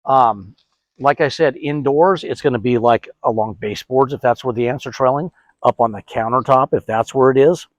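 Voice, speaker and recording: A man's voice: mid-range voice, moderate pace, no echo, muffled recording. A middle-aged man hosting a DIY product tutorial, chatty, asking and answering his own questions. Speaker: host.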